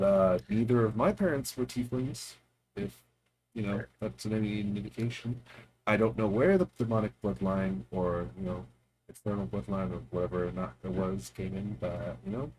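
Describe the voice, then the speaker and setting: A man voicing a chatty, friendly female tiefling bartender in a tabletop game, in a high chirpy tone. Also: normal speed, a little mellow, close to an everyday voice, rough recording.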